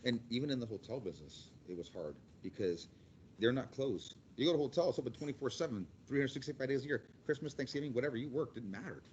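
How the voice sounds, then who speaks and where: Blunt, quick-talking construction manager in his forties, guest speaker, lo-fi sound. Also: medium pitch, lively intonation, a little mellow, slight background noise. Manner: rambling, blunt, quick with repeated restarts. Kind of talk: casual storytelling to a class.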